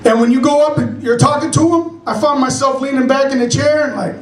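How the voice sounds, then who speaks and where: A middle-aged man from San Francisco with a strikingly high voice tells stand-up stories, acting out characters in raised voices. He is recorded from across an echoey club, with faint room noise behind him. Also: a little fast, few pauses, distant mic. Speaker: stand-up comedian. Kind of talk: stand-up comedy set. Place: comedy club stage.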